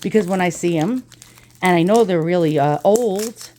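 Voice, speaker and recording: A middle-aged woman with a fairly low voice talks bluntly and swears freely. She rambles casually through a chatty story, like a vlogger talking straight to her viewers. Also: moderate pace, mellow, slight background noise. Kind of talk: casual ranting vlog chat.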